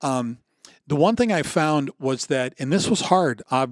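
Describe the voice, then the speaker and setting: This Michigan podcast guest in his sixties speaks in a fairly high, expressive voice at a slightly slow pace. Earnest and reflective, he tells conversational stories with frequent restarts, and the studio-quality recording has no echo.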